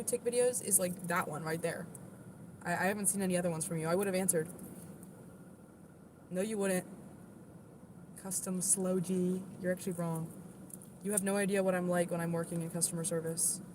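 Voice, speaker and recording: A young woman from the southern United States talks casually to her live-stream chat. Her voice sits a little low, and she answers bluntly and defensively, with a lot of "like". There is clear background noise behind her. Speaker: livestreamer.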